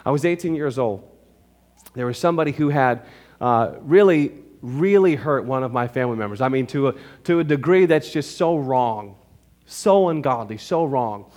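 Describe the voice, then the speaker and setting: A man's voice: medium pitch, animated, normal speed, a little mellow. A male pastor preaching a sermon to his congregation in church, emphatic and conversational, often checking in with his listeners.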